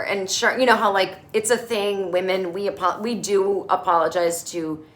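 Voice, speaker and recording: A middle-aged woman hosting a casual comedic recap, sarcastic and animated, quick to mimic characters in exaggerated voices. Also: mid-range voice. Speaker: podcast host recapping a TV episode.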